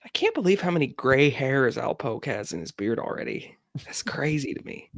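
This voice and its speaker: A young man co-hosting a casual sports podcast, talking haltingly with many fillers. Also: mid-range voice, very animated, vocal fry, no room sound, studio quality. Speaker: podcast co-host.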